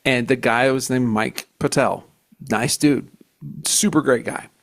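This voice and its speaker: A man's voice: medium pitch, a little slow, creaky. Man hosting a chatty podcast. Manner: animated, self-mocking storyteller with many fillers. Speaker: podcast host. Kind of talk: casual storytelling chat.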